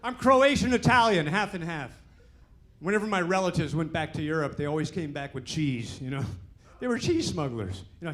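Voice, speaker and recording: A middle-aged man doing a stand-up comedy set on a club stage, with punchy, animated delivery and a crowd laughing along. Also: a little high, fairly quick. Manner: punchy, animated joke delivery with character voices. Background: audience laughter.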